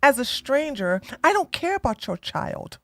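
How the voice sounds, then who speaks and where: A woman doing blunt, sassy reaction commentary, ranting loudly and laughing between clips. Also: high voice, big pitch swings, normal speed, no echo, faint music behind. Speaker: commentary streamer.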